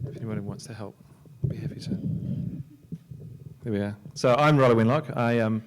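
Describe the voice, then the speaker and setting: A man, a software entrepreneur and filmmaker, giving a loose, joking talk on a library panel, with many restarts and fillers. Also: medium pitch, brisk, pauses often, heavy background noise. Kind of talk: conference talk. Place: lecture hall at a library.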